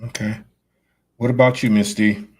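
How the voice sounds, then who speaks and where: A man hosting a panel discussion, asking questions slowly and hesitantly. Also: lowish voice, flat delivery, darkish tone. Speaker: host.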